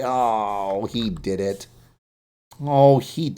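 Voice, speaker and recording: A sleepy game developer live-streams his coding, muttering to himself and tossing in jokey asides. His voice is on the low side, animated and mellow, at a slow pace with frequent pauses.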